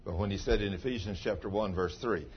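A fast-talking pastor with a fairly low pitch preaches a folksy, conversational sermon, teasing members of his congregation by name. Faint background noise sits under the dull-sounding recording.

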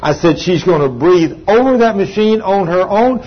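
Older preacher telling a story. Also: male voice, sits high, expressive, husky. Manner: storytelling with emphatic, drawn-out phrases. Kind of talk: sermon testimony. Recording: slightly dull sound, faint background hum.

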